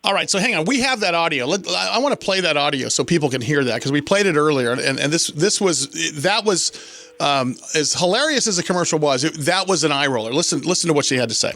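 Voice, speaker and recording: Gravelly male radio host, halting delivery. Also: fairly high pitch, expressive, fairly bright tone, no echo. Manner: halting, frequent word repeats and restarts. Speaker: radio talk show host. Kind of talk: talk radio commentary. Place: radio studio. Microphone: studio microphone.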